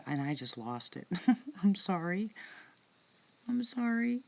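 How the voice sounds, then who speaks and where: Outdoors in the woods at night, a woman hosts a casual live stream, talking softly into her phone to her viewers. Her voice is extremely low-pitched, and she often drops into whispers, staying chatty and heartfelt.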